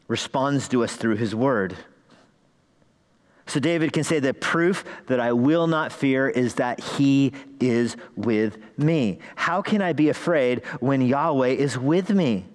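A man preaching to a congregation, his voice ringing with a long reverb through a church hall. He leans on rhetorical questions and pushes his emphasis upward, with a voice of middling pitch. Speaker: pastor. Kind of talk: sermon. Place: church sanctuary.

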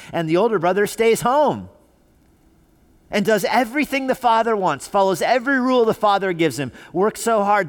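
Slightly high-voiced preaching man. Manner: preaching with rising emphasis and repetition. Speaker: pastor. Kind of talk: sermon. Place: church sanctuary.

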